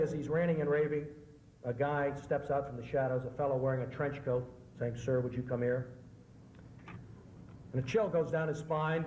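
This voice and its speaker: A man's voice: a little high, darkish tone. A middle-aged American man, a political journalist, giving a public lecture, telling jokes and answering questions in a conversational way. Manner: conversational storytelling with joke punchlines. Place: lecture hall. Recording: echoey hall with faint hiss.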